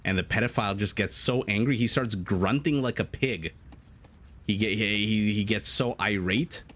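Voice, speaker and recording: Guy casting a strategy game live, kinda low voice, rambly and laughs a lot. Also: moderate pace, a bit bright. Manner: chatty, rambles into tangents, laughs often. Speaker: game caster. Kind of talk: live esports commentary.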